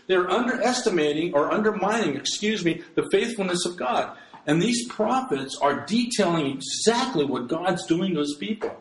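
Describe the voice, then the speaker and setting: A man's voice: sits high, lively intonation, moderate pace, reverberant, poor audio. A man preaching a sermon as pastor, earnest and emphatic, often restarting his sentences.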